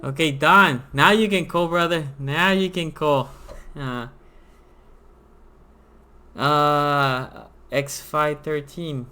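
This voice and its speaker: A man's voice: a little high, steady tone, slow pace, bright, forceful tone, a little hiss or hum. A man hosting a live sports call-in show, chatting casually and animatedly with callers.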